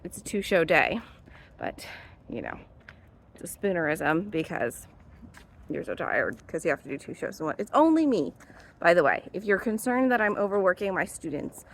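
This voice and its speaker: A young woman talks straight to the camera in an easy, rambling vlog style, full of fillers and small laughs. Her pitch sits in the ordinary middle range for a woman, and the talk feels unscripted and personal. A faint hum of noise sits under the voice. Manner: chatty, rambling, with many fillers and little laughs. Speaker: drama teacher and vlogger. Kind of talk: casual vlog chat.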